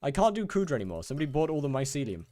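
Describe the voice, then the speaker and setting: This young streamer from the UK talks fast and sing-song, his slightly high voice carrying a dark tone. He chats loosely with viewers as he games, stumbling and repeating himself often, and the audio has no room sound.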